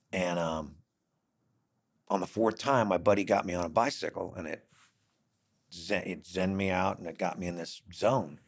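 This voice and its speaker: Gravelly low-voiced man telling a story. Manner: animated, acts out dialogue in quotes. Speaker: podcast host. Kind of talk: conversational storytelling.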